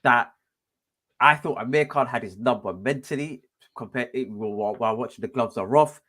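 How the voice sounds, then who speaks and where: A man's voice: medium pitch, moderate pace, sharp tone. A man, co-hosting a podcast and giving his view in a hesitant, rambling way. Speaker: podcast co-host. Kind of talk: casual chat.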